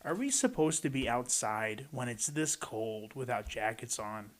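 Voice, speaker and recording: Man reading a picture book aloud, animated. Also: medium pitch, a little slow. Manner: playful commentary between rhyming lines. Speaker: storybook reader. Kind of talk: picture book read-aloud with chatty asides.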